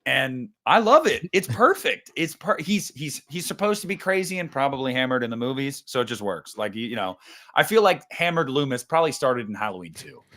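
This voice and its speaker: A man hosting a loose chat about horror movies. He talks with lots of swings in energy and swears freely. His voice sits at an ordinary pitch. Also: brisk. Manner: animated, swears freely, acts out scenes in exaggerated voices. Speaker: podcast host. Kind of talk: casual movie discussion.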